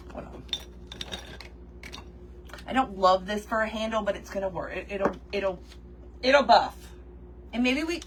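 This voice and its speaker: A woman's voice: medium pitch, a little hiss or hum. A woman chatting casually with viewers during a livestream while she works on a craft project. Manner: chatty, animated, reads viewer comments aloud, laughs often.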